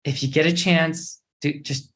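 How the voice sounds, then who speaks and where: A young adult man, an actor guest in a casual interview, telling a story in a lively, expressive way. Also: on the high side, unhurried.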